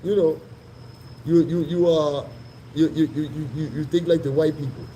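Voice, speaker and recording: A man mimicking a condescending African man, pitched up. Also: fairly even intonation, warm tone, slight background noise, natural voice, poor audio. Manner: mimicked foreign accent, halting repetition.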